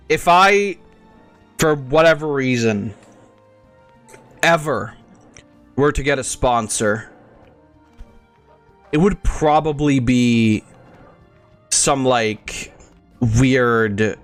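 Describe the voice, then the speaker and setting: A young man chatting loosely over his gameplay, with a voice of middling pitch that drifts between topics. He talks crudely, swears freely, and rambles from one aside to the next. A faint bit of music sits underneath him. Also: fairly bright tone. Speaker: gaming channel host. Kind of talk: casual gameplay commentary.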